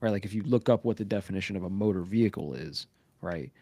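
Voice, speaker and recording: A man's voice: low-pitched, quick pace, mellow, dry recording. A man co-hosting a live podcast, rambling and profane, leaning on "right?" and "like" as he talks. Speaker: podcast co-host. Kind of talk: casual live podcast chat.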